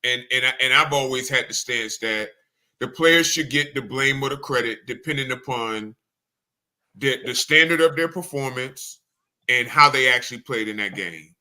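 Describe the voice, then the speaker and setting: Guy on a sports podcast, very bright sharp tone, explains his point step by step. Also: medium pitch, normal speed. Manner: methodical, reasoned, building an argument. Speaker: podcast co-host. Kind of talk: sports debate monologue.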